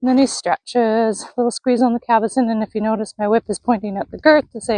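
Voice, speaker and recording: A woman training a horse on the lunge line, calmly explaining each step and praising the horse. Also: on the high side, brisk, no echo, poor audio. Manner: calm coaching, talking to the horse. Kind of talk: narrated lunging session. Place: outdoor arena.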